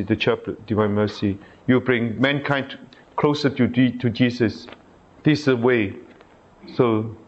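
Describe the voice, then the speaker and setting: Male priest, sermon, halting delivery, repeated words, rhetorical questions, muffled lo-fi sound. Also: mid-range voice. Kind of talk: sermon reading a diary aloud with commentary. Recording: dull lo-fi recording.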